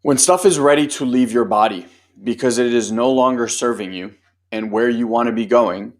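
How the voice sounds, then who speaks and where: A man's voice: mid-range voice, moderate pace. Loose-talking male coach who swears. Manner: loose and conversational, swears, many fillers; acts out other people's voices in quotes. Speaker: host and personal growth coach. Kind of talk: casual group training talk.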